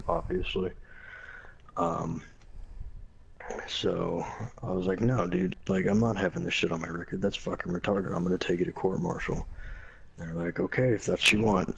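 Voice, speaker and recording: A man's voice: sits low, vocal fry, slight background noise, rough recording. A young man, a former Marine, casually telling a profane, blunt story and quoting people along the way.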